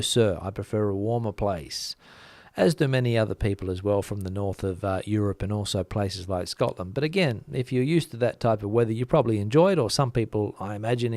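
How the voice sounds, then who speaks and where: A man from Australia hosting a vlog, answering viewer comments in a blunt, deadpan way. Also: medium pitch, dry recording, studio quality. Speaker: vlog host. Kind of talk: casual talk to camera, answering viewer comments.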